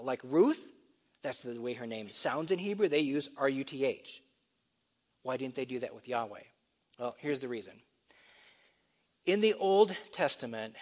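Pastor type, man, mid-pitched, steady teaching delivery that spells things out and asks then answers. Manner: explanatory, spells out letters, asks and answers questions. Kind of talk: sermon teaching.

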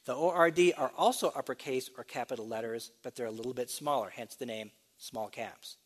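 Pastor type, man, mid-pitched, steady teaching delivery that spells things out and asks then answers. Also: a little fast. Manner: explanatory, spells out letters, asks and answers questions. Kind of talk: sermon teaching.

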